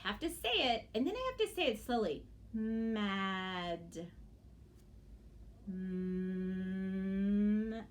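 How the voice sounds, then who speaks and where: A woman teacher giving a phonics lesson to young children, stretching words out slowly and checking in with a gentle "okay?" after each step. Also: high voice, huge pitch swings, a little hiss or hum. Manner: slow, exaggerated, sing-song teacher talk to young children.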